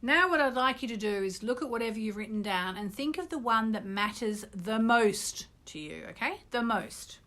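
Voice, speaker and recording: A middle-aged woman with a British accent leads a live online gathering, walking listeners step by step through writing and ranking their wishes. Her voice sits on the higher side, and her delivery is gently instructive. She talks like a teacher explaining an exercise to a group. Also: lively intonation, normal speed, few pauses. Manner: gently instructive, with bursts of loud ecstatic gratitude.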